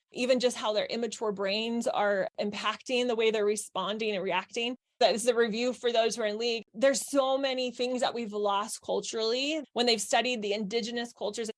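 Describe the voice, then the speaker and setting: A woman with a fairly high voice leads a live parenting workshop. She is middle-aged and coaches her listeners by asking questions and answering them herself.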